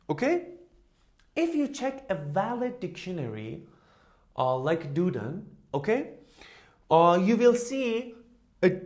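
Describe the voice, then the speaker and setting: A man teaches a beginner language lesson at a very unhurried pace, saying each word several times for learners to echo. His pitch rises and falls widely as he stresses sounds, and he keeps checking in with a quick "okay?" or "huh?". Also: a little mellow. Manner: slow drilling with constant "okay?" and "huh?" checks. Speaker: German teacher.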